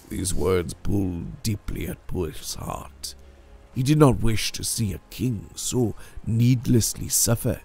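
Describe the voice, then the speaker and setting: Male storyteller, slow and gravelly, measured dramatic delivery of a legend. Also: fairly low pitch, big pitch swings, darkish tone. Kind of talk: scripted narration of a legend.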